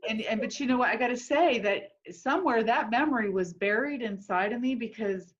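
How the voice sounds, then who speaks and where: A woman's voice: a little high, brisk, muffled recording. A woman guest sharing childhood memories earnestly, breaking into laughter now and then. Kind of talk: candid conversational chat.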